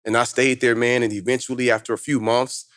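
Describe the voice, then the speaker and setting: A man in his thirties, a motivational speaker, telling his life story in lively slang-filled conversation as a podcast guest. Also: medium pitch, smooth, no room sound, studio quality. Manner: fast, animated street-slang storytelling.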